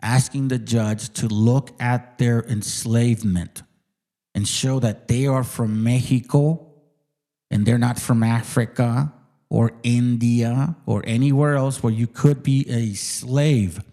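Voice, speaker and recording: A man's voice: medium pitch, fairly even intonation, slow, mellow. A man hosting his own channel and ranting casually at his viewers. He sounds profane, mocking and combative, and he repeats words for emphasis. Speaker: channel host. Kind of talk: heated casual rant to viewers.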